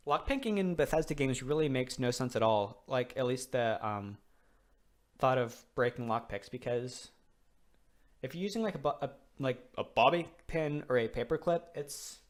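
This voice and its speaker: A young man chatting casually over gameplay, his voice mid-pitched and ordinary. He rambles in loose, unplanned sentences and swears casually. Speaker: let's play host.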